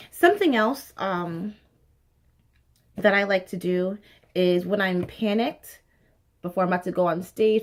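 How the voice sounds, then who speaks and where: A woman in her late twenties talks straight to the camera in a casual vlog. Her voice sits at an ordinary middle pitch, and she is chatty and expressive, leaning on fillers like "um" and "like" and dropping the occasional swear word. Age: late 20s. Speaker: actor sharing speaking tips.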